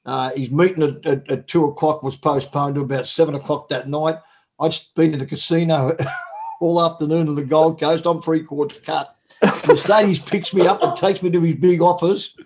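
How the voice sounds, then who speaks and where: A man's voice: a little high, fairly even intonation, normal speed, darkish tone, husky. An Australian man telling stories as an interview guest, blunt and crude, laughing often. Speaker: guest, former footballer. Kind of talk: casual storytelling.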